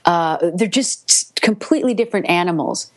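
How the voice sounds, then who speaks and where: A middle-aged woman, a voice actor, telling stories in a casual interview, lively and laughing, repeating words when excited. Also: fairly low pitch, a little fast, no echo. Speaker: voice actor guest.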